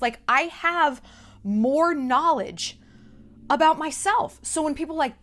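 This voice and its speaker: In her own vlog, a woman addresses the camera in a high-pitched, slightly bright voice at an unhurried pace, with a little background noise. She comes across blunt and emphatic, cursing freely and repeating short phrases to hammer her points.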